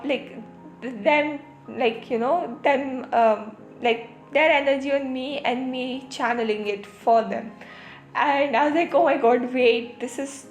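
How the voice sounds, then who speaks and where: A woman with a high voice talks through a reflective spiritual podcast. She rambles, restarts her sentences and fills gaps with "like" and "um", then settles into a slow, soothing tone. The room is echoey and soft music plays faintly underneath. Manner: rambling, full of fillers and restarts, slows to a calm soothing tone. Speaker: podcast host.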